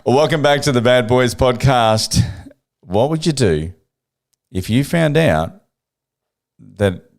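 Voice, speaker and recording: A man co-hosting a podcast in a mid-pitched everyday voice. He chats and jokes, acting out phone calls in his own voice. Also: animated, slow. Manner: chatty, jokey, acts out calls. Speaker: podcast co-host. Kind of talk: casual chat.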